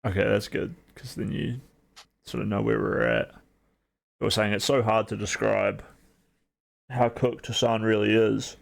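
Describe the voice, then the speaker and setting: A man with a New Zealand accent talks in a loose, wry, rambling way, full of fillers. His voice sits a little low with a gravelly, creaky edge. He sounds like a streamer in casual reaction chat. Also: flat delivery, measured pace, long pauses.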